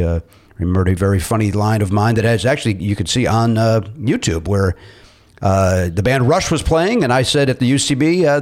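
A man hosting a comedy podcast, mock-bossy and rambling, full of fillers and restarts. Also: mid-range voice. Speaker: podcast host.

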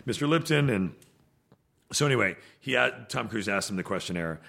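A man's voice: on the low side, expressive, brisk, creaky, bright, forceful tone, slightly rough. A man chatting casually as a podcast guest, telling stories and often stopping to restart with filler words. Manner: rambling storyteller with frequent fillers and restarts. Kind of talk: casual chat.

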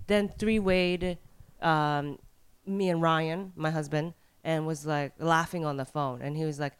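A woman's voice: sits low, measured pace, clear, resonant tone. A woman guest comedian telling a story in casual podcast chat, acting out the quotes. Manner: animated storytelling, acts out quotes.

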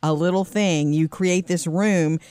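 A woman co-hosting a morning show, chatting casually and upbeat, reading quick news items and laughing often. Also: lowish voice, fairly even intonation, warm tone, clear, resonant tone, dry recording.

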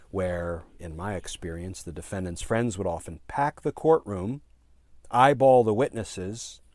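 A man in his fifties, a former prosecutor, telling a story in an earnest, halting way with fillers and emphatic repeated phrases. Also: sits low, darkish tone, dry recording. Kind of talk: storytelling commentary.

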